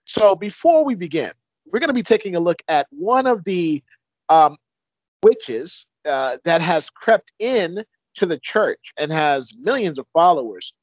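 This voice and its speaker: A man's voice: fairly high pitch, sing-song, measured pace, no room sound. A male co-host giving casual, incredulous commentary with some chuckling. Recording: dull, dry lo-fi audio.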